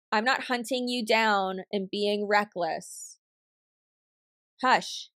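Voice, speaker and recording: Woman vlog host, reaction commentary, sassy and blunt, mid pitch, dry untreated room. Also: moderate pace, gravelly, a bit bright, no room sound. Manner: blunt and sassy, talking back at the screen.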